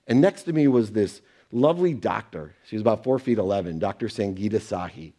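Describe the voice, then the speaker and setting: A man's voice: fairly low pitch, animated, brisk, warm tone. Earnest man telling a personal story. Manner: earnest, acts out quoted exchanges. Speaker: speaker sharing personal lessons. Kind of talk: motivational storytelling talk.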